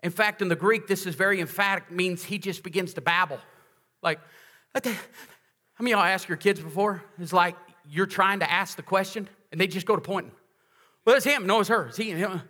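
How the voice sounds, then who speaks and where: Preaching to his congregation in a large sanctuary, this pastor has a high-pitched, bright, forceful voice with fairly even intonation and a fairly quick pace. He talks emphatically and conversationally, asking them questions, and the recording echoes like a church hall.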